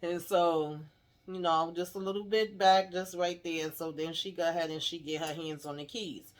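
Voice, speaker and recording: A woman's voice: on the low side, fairly even intonation, moderate pace. A woman recapping a TV episode in a casual, chatty way, laughing often and acting out the characters' lines. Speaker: TV recap host.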